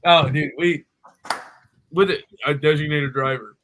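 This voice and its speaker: A young man, co-hosting a podcast and telling a story in a lively, animated way. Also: a little high, measured pace, low-quality recording. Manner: animated storyteller, acts out quoted voices. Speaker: podcast co-host. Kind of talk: casual storytelling chat.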